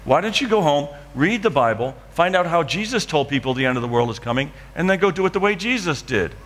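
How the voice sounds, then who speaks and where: A man voicing a kindly older male limo driver who gives gentle advice. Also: fairly high pitch, lively intonation, fast talker, in a large hall, slight background noise. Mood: advising.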